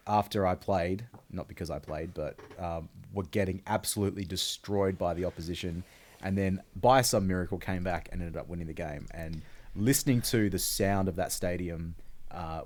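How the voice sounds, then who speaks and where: Laid-back Australian man, low voice. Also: a little mellow. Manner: chatty, laid-back, rambling with fillers. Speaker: podcast co-host. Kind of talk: casual chat.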